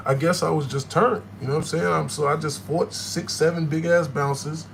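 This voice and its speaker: A man telling a story in animated, slangy street talk, jumping into loud, high bursts when he acts out quotes. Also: brisk, vocal fry, few pauses, background noise. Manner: profane, slangy.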